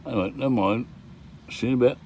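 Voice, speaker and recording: Speaking rapid-fire at medium pitch with a darkish tone, an older van life vlogger talks casually on a handheld camera, adding grumbly "eh?" asides. He's outdoors and in his van touring villages, with a little hiss or hum on the audio.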